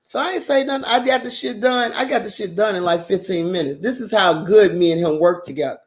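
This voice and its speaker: A woman host casually telling a story in a blunt, profane, animated way, with frequent laughter. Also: medium pitch, a little fast. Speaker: drama channel host.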